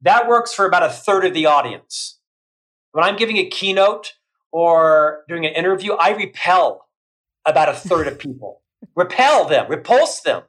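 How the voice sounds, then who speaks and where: A middle-aged man, a guest on a podcast, talking loudly and emphatically in energetic bursts of lists. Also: fairly high pitch, moderate pace, low-quality recording. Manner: loud, emphatic, listing in bursts. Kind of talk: energetic interview talk.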